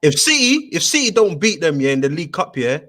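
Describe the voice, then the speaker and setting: A man hosting a casual football chat, telling stories in an animated, slangy way with lots of fillers. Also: a little high, a little fast.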